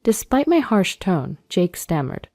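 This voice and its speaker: A woman reading a first-person story as a scripted narration, steady and measured. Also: lowish voice.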